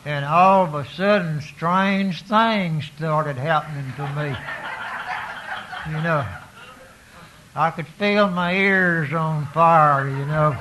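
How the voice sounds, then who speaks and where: Bright-voiced man telling stories. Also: on the high side, slow, a little hiss or hum, poor audio. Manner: drawling, self-mocking humor, many "you know"s and restarts. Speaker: speaker sharing his recovery story with an audience. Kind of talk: folksy storytelling talk.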